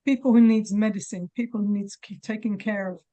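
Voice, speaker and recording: A woman, a mother of hostages making an emotional, halting appeal at a press conference, near tears. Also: medium pitch, steady tone, mellow. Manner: halting, many pauses and restarts.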